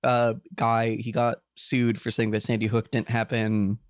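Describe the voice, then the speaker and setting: A podcast co-host recapping a TV episode in casual chat, animated, swearing freely and laughing often. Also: medium pitch, measured pace, no echo, studio quality.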